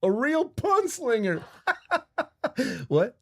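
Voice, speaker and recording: A man putting on a folksy cowboy voice for a Western-themed stream intro, drawling slowly through corny dad jokes. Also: mid-range voice, sing-song, warm tone, husky, heavily acted. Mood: hammy. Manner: slow drawling delivery with corny punchlines. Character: folksy adult male cowboy host telling dad jokes.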